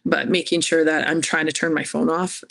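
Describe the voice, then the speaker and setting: A woman's voice: sits low, steady tone, moderate pace, vocal fry, fairly bright tone. A woman college hockey coach, talking candidly and telling stories in an interview. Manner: chatty, storytelling.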